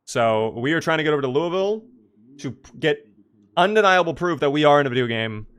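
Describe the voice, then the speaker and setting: A man's voice: on the high side, animated, a little fast, fairly bright tone, clean tone. A young man casually chatting through a live gameplay stream, reacting to the game and answering his chat.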